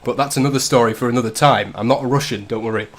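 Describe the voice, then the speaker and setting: A man's voice: mid-range voice, racing. A man from the north of England hosts a casual drinking livestream. He jokes constantly, swears freely and keeps up a running banter in an ordinary mid-range voice. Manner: swearing, joking banter with frequent laughs. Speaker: livestream host. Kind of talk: casual drinking-stream chat.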